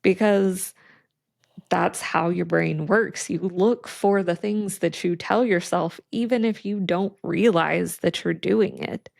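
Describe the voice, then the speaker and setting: A woman co-hosting a podcast, talking in a slow, thoughtful, reflective way in casual chat. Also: fairly low pitch, steady tone, creaky, darkish tone, no echo, clean studio sound. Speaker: podcast co-host.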